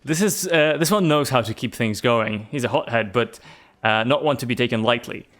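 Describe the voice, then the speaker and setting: A man's voice: medium pitch, moderate pace, a bit bright. A man playing a game on stream, reading its narration aloud and chatting casually. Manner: reads narration aloud, laughs often.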